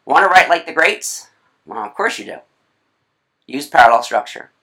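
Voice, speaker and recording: Chatty and expressive, a writing instructor lectures on video in a medium-pitched voice with a sharp tone. Playful asides and quick self-corrections run through the recording.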